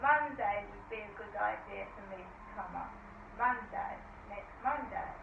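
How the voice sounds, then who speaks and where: A woman's voice: mid-range voice, measured pace, creaky, noisy background. A middle-aged woman tells a rambling story with asides in a casual vlog at home. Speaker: vlogger. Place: home flat. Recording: echoey phone-like audio from far off.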